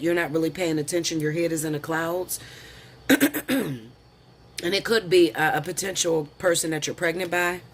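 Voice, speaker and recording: A man's voice: a little high, fairly bright tone, slight background noise. A man doing a casual tarot reading, chatty and slangy, calling viewers honey and girl. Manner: lists the cards slowly, then talks them through. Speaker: tarot reader.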